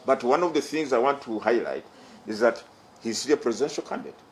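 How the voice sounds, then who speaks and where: The electoral commission chair, a middle-aged man with a Ugandan English accent, talks fast at medium pitch while giving a formal statement to the press, driving home key phrases by repeating them. Audio quality is poor, with some hiss or hum.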